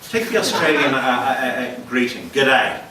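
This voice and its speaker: A man's voice: mid-range voice, sing-song, measured pace, heavy reverb, distant mic, noisy background. A man with an Irish accent performing a self-mocking stand-up comedy set at a live venue. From Ireland. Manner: wry, self-mocking storytelling. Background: audience laughter.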